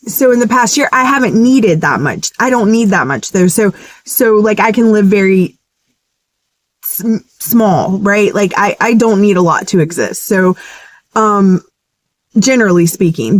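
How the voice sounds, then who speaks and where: A woman's voice: medium pitch, unhurried, no echo. A woman sharing a casual, earnest testimony in a vlog, chatty and emotional. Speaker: ministry vlogger.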